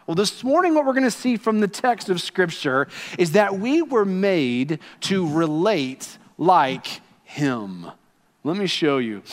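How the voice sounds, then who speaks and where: A middle-aged man, a pastor, preaching a sermon to his congregation, lively and playful with asides to the room. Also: high-pitched, big-room sound. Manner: animated, warm storytelling with playful asides to the congregation. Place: church auditorium.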